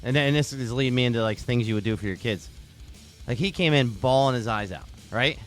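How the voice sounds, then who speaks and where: A man's voice: mid-range voice, fast talker, soft background music. A man hosting a podcast, telling a heated story full of swearing and restarts. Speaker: podcast host. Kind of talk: casual chat.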